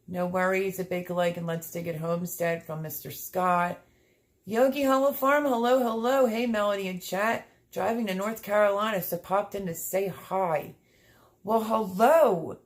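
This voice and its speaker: Woman, livestream host, casual chat, emotional, gushing, slightly low voice. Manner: chatty, effusive, emotional. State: sniffling, teary.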